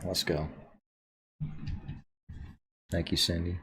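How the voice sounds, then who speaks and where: Low-key man reading chat aloud. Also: measured pace. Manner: low-key, offhand, casual remarks. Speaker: reaction streamer. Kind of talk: live reaction, reading chat.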